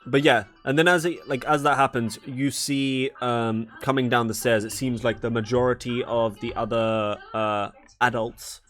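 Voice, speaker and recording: A man's voice: medium pitch, fairly even intonation, normal speed, hardly any pauses, fairly bright tone. A man narrating a tabletop game as game master, casual and rambling with many fillers.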